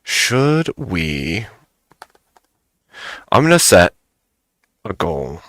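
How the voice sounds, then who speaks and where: A man's voice: low voice, very animated, very slow, a bit bright, dry recording. A man hosting a live stream, chatting casually and joking with much laughter.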